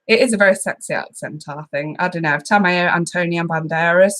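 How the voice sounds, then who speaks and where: A woman's voice: fairly low pitch, brisk, hardly any pauses, fairly bright tone. A woman hosting a live tarot stream, chatting casually and giggling as she greets viewers by name.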